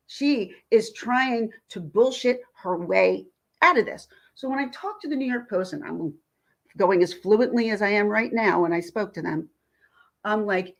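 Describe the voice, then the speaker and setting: A woman vlogger, indignantly retelling a phone call in a ranting commentary. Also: on the high side.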